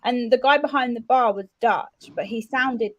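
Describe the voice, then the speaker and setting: A woman's voice: a little high, normal speed, a bit bright, no room sound, dull audio. A woman co-hosting a casual chat, speaking hesitantly with trailing ums. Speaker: podcast co-host.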